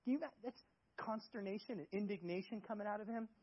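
A man preaches a sermon in an emphatic, conversational way, throwing out rhetorical questions. His voice sits high and sounds husky. The recording is dull and lo-fi. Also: quick pace, no echo. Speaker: pastor.

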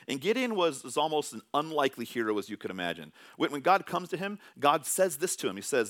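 A man preaching a sermon in a church setting, talking in a conversational, animated way with fillers and asides to his listeners. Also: fairly high pitch, fast, hardly any pauses.

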